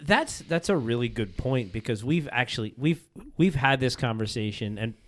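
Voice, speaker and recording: A middle-aged man co-hosting a podcast talks easily in a mid-range voice. He laughs a lot and is quick to agree. His tone stays relaxed and conversational. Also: medium pitch. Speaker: podcast co-host. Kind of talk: casual chat.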